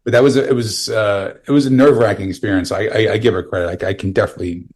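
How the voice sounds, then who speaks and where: Low husky man, halting storyteller. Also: fairly even intonation, darkish tone. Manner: halting, self-deprecating storyteller. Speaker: stand-up comedian, podcast guest. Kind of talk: casual podcast chat.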